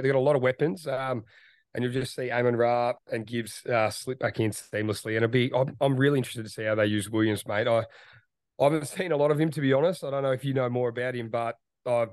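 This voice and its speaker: An Australian man co-hosting a sports podcast, croaky from a recent illness, laid-back and hesitant with plenty of ums. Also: medium pitch, no room sound. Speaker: podcast co-host. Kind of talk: casual sports podcast chat.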